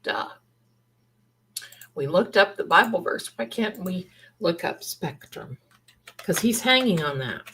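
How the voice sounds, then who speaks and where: A woman's voice: lowish voice, sing-song, takes it slowly, pauses often, a bit bright, a little hiss or hum, low-quality recording. A middle-aged woman hosting a livestream, chatting in a rambling, casual way and thinking aloud. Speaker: livestream host.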